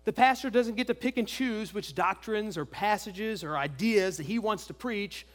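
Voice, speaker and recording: Guy with a high voice preaching a sermon, punchy rhetorical questions, big echoey church hall. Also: moderate pace. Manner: emphatic, rhetorical questions, repeats phrases. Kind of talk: expository sermon. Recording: long reverb of a large hall.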